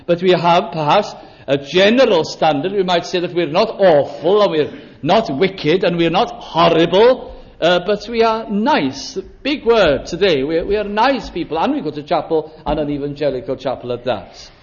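A man with a high voice preaches a sermon in a chapel. He is deliberate and draws out key phrases for stress. The recording is muffled and lo-fi. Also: expressive.

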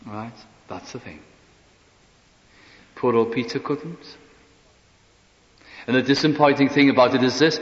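A man's voice: mid-range voice, steady tone, moderate pace, long pauses. Man preaching in an echoey hall. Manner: earnest, rhetorical questions, drops to soft asides. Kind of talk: sermon. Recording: dull echoey hall recording.

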